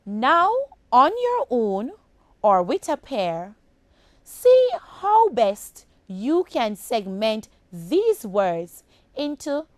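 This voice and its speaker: A Jamaican woman teaching a phonics lesson to children at a very unhurried pace. Her fairly high voice rises and falls a lot as she sounds out each word. The recording is close and dry. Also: no room sound. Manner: slow, deliberate, addresses children as boys and girls.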